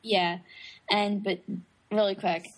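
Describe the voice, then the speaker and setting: A young woman in easygoing conversation, jumping in eagerly to bring up favorite moments. Her pitch sits in a typical middle range for a woman. She laughs easily between sentences. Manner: excited, quick to laugh, eager to recall scenes. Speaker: film fan in conversation. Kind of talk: casual chat.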